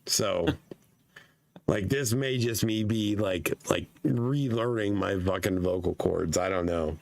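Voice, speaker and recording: A man talks in a loose, profane podcast chat, his voice hoarse and nearly gone. His low voice is gravelly and creaky throughout. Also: slow pace, a little hiss or hum. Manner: swears casually, laughs often. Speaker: podcast guest. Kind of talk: casual chat.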